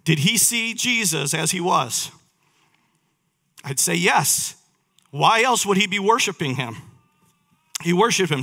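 A man's voice: high voice, animated, a little slow, bright, forceful tone. A man preaching a sermon, reading scripture aloud and putting questions to his listeners. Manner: reads verses aloud, asks the listeners questions.

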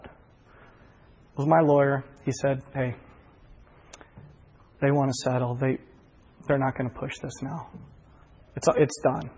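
A man's voice: fairly high pitch, darkish tone. A man telling his personal testimony in an earnest, heartfelt way, often stumbling over repeated words, recorded in a large hall. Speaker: speaker giving a personal testimony. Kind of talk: sermon-like storytelling. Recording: long hall reverb.

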